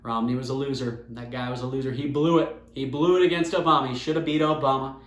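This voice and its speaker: A man's voice: mid-range voice, steady tone, fast, echoey room, natural voice. A man quoting a brash, dismissive older male tycoon in a blunt, boastful way.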